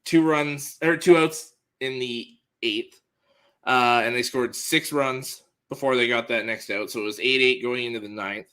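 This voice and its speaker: Bright-voiced man reading sports news. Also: medium pitch, fairly even intonation, measured pace, smooth. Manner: plain, matter-of-fact delivery with fillers. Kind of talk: casual sports news rundown.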